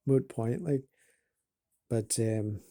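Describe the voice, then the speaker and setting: A man talking casually at home in an attempted Scottish accent, rambling and halting, with many fillers, restarts and casual swearing. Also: medium pitch, mellow, dry recording. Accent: put-on Scottish. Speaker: vlogger.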